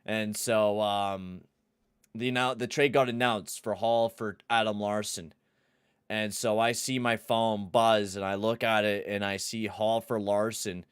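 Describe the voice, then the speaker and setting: Young male streamer, lowish smooth voice, dry close sound, excitable and profane. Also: unhurried, dry recording. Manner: excitable, swears, shouts at the game. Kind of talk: live gameplay commentary and chat.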